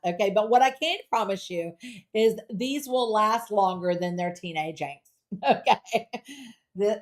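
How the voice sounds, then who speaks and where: This is a home shopping host, a middle-aged woman, chatting playfully through a live jewelry sale. Reading viewer comments aloud and talking straight to her audience, she keeps her pitch personal and lively.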